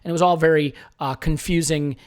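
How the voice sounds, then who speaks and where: A man's voice: on the high side, steady tone, a little fast, darkish tone. A man hosting a live sports podcast, jokey and rambling. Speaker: podcast host.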